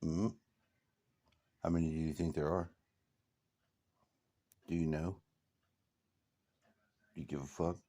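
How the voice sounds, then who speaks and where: A drowsy man rambling deadpan as he waits for a ride, his voice trailing off quietly. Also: rumbling low, slow, pauses often. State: sleepy. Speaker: vlogger. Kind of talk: rambling casual monologue.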